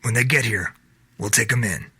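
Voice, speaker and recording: A man reading the lines of a firm, calm male squad commander who gives orders. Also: mid-range voice, moderate pace, slightly rough, no echo, clean studio sound, full character voice.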